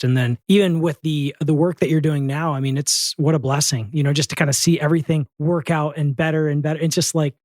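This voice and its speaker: A man's voice: on the high side, darkish tone, dry recording. A man hosting a podcast, chatting casually and agreeing often with his guest. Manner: affirming, chatty, frequent agreement. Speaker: podcast host, doctor. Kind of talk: casual interview chat.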